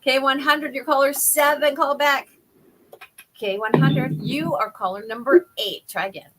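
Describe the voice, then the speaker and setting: A woman hosting a morning radio show, brisk and cheerful as she takes calls. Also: high voice, heavy background noise. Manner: brisk and cheerful, quick call answering. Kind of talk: upbeat radio banter. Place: radio studio.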